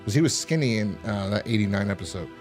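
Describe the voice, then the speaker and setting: A man's voice: lively intonation, fast, a little mellow, soft background music. A young man hosting a casual podcast review, rambling and swearing, acting out scenes. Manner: rambling, profane, acts out scenes in high voices. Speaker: podcast host.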